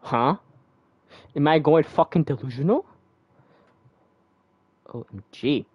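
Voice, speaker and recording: A young man giving loud, swearing, exasperated commentary while playing a game. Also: on the high side, animated, slow, slightly rough, dry recording, lo-fi sound. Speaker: gamer streamer. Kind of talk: casual gameplay commentary.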